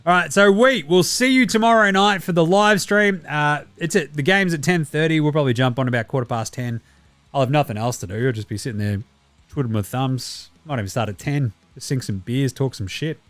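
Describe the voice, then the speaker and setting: A man's voice: a little high, brisk, a bit bright, no echo. A man with an Australian accent signing off his podcast casually, laid-back and swearing now and then. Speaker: podcast host.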